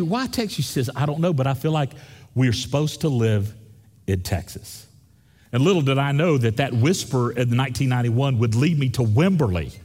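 A man preaching a Christmas sermon, telling stories slowly with repeated phrases. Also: mid-range voice, a little mellow, breathy edge, long reverb tail. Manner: slow storytelling with repeated phrases. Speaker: pastor.

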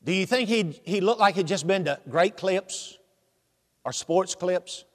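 High-voiced preacher in a reverberant hall. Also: male voice, a little slow. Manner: animated, humorous, asks the congregation questions. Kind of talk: sermon storytelling.

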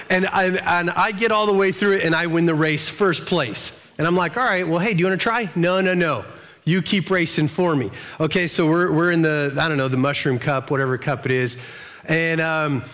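A middle-aged pastor preaching in a conversational way, often restarting his phrases and telling stories with energy. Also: fairly high pitch. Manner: conversational, repeats words and restarts, animated storytelling. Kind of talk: sermon.

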